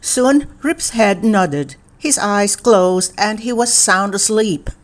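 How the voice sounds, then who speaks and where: Storybook reader, woman, calm deliberate read-aloud at a very unhurried pace. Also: mid-range voice. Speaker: children's book reader.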